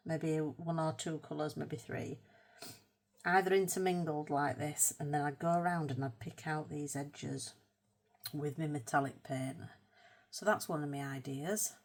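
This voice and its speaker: A woman hosting a casual colour-with-me art video. She chats in a rambling, self-mocking way and murmurs softly to herself as she paints. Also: deep voice, steady tone, a little slow. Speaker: art channel host.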